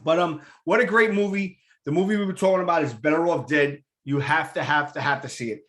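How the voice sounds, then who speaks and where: Male host, high-pitched, excitable, rambling, repeats himself. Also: fairly quick. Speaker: radio show host. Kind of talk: enthusiastic casual interview.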